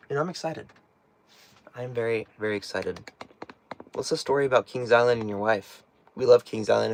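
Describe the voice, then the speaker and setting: A man hosting a casual live stream from inside a small tiny house, reading chat questions, joking and laughing often, his voice now and then cracking. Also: medium pitch. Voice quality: voice cracks at times. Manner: chatty, jokey, laughs often.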